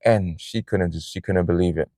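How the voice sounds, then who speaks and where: Man, casual vlogger, lowish voice, rambling and earnest, outdoors in a parking lot, dry sound. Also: normal speed, mellow, no echo. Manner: rambling and earnest, with frequent "man" and "you know". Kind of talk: casual personal vlog talk.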